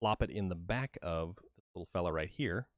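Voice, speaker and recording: A man's voice: low voice, brisk, dry recording, clean studio sound. A man from New England giving casual, joking commentary on his gameplay during a livestream, often repeating words as he starts a sentence. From New England, USA. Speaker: livestream gamer.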